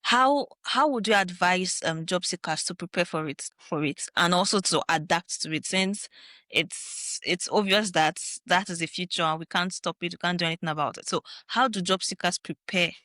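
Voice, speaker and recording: A woman as a podcast host, posing careful questions to her guest. Her voice sits a little low yet sounds bright, recorded dry and close. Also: moderate pace, dry recording. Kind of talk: interview questions.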